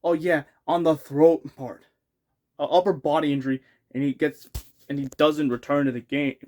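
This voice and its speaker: A man's voice: fairly high pitch, steady tone, normal speed, darkish tone. A young man giving an unscripted, rambling sports rant, exasperated and full of restarts and outbursts. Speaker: hockey fan ranting on his channel.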